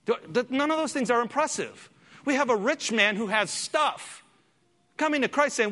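A man's voice: extremely high pitch, lively intonation, moderate pace, pushed and bright. A man preaching a sermon as pastor in a church sanctuary, emphatic and full of rhetorical questions. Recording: long reverb in a large hall.

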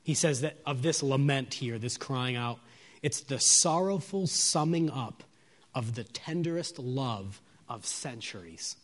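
Slow, emphatic male preacher. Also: animated. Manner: asks the listeners rhetorical questions; moves between soft, low lines and raised, emphatic ones. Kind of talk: expository sermon.

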